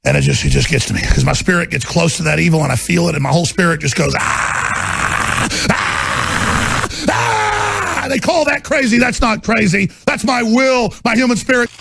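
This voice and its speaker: A middle-aged man delivering an impassioned rant, swinging from low, intense muttering to loud shouting, with a gravelly, husky voice. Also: fairly quick, noisy background. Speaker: talk show host.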